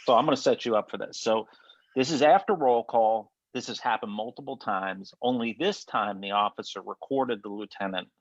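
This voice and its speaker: A man's voice: lowish voice, moderate pace, no room sound, muffled recording. A man hosting a podcast in casual chat, blunt and swearing freely. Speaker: podcast host.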